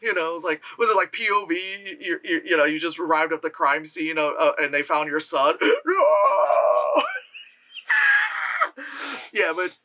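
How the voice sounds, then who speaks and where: A man reviewing a movie in a casual rant, animated and profane, often slipping into mocking impressions. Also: fairly high pitch, fairly quick, few pauses.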